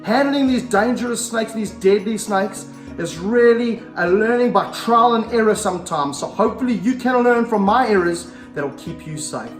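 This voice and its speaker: A middle-aged snake handler who hosts a vlog talks casually to the camera while handling a snake, pausing between explanations to coax it. His voice sits high and he speaks at a normal speed, energetic and out of breath. He's indoors in an echoey room with slippery floors, slightly distant from the mic, with faint music behind him.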